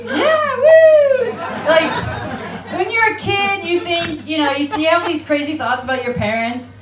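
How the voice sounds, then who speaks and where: Extremely high in pitch and animated, yet a little slow, a woman's voice reverberates over crowd noise and a noisy background. The Alaska-born American comedian is doing a brash, profane, self-mocking set with laughing asides at a comedy club in Amsterdam.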